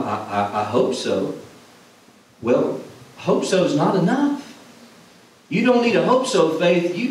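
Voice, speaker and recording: A man's voice: mid-range voice, a little mellow. A man preaching a sermon as a former pastor, earnest and repeating phrases for emphasis. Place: church sanctuary. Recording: echoey hall, from far off, faint noise.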